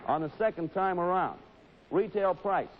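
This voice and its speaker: A man hosting a live TV game show, briskly rattling off bid numbers like an auctioneer. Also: high voice, background noise. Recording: dull lo-fi 1960s broadcast.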